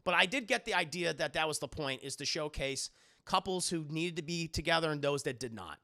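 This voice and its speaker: Gravelly, bright-toned man rambling through a review. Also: on the high side, lively intonation, brisk. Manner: rambling, repeats himself, swears, chats with viewers. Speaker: streamer and movie reviewer. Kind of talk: casual live-stream movie review.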